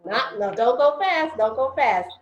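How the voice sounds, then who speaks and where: A woman's voice: fairly high pitch, lively intonation, unhurried, roomy sound, dull audio, slight background noise. A woman teaching an online Spanish class over a video call, patiently drilling pronunciation syllable by syllable.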